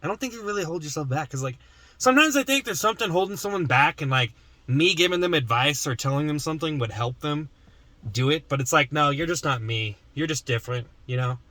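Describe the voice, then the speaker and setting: A man's voice: fairly high pitch, expressive, fast, bright, forceful tone, no room sound. A man vlogging in casual chat to the camera, rambling with lots of fillers and restarts.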